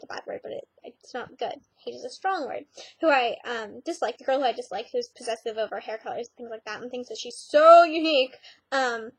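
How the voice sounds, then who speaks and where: A teenage girl talks straight to the camera in a loose, rambling way, filling her sentences with "like" and "um". Her voice sits high, and the sound is close and dry with no room echo. She keeps a sarcastic edge as she goes. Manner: chatty, sarcastic, many "like"s and "um"s. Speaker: vlogger. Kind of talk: casual vlog rant.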